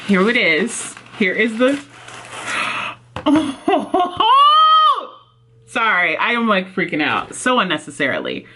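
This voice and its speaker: A woman book vlogger chatting casually and excitedly at home. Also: medium pitch, normal speed, few pauses, heavy background noise. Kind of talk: casual vlog chat. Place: home office, indoors.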